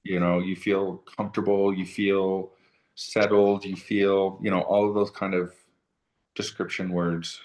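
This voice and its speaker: A man's voice: deep voice, little pitch movement, unhurried, darkish tone. A man co-hosting a casual tarot chat, agreeable and hesitant with many fillers. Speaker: tarot co-host.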